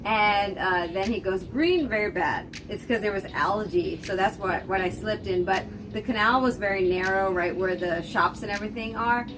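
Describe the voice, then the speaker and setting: An American woman casually telling the story of her marriage in a lively, laughing way. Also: medium pitch, moderate pace, few pauses. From United States. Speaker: interviewee, wife. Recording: distant mic with music underneath.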